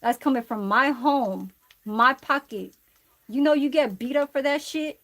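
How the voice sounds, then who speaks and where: Woman livestreaming from her kitchen, loose and profane, chatting to viewers, voice a touch high. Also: measured pace, fairly bright tone. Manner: rambling, profane storytelling to chat. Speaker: livestream cook. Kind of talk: casual livestream chat while cooking.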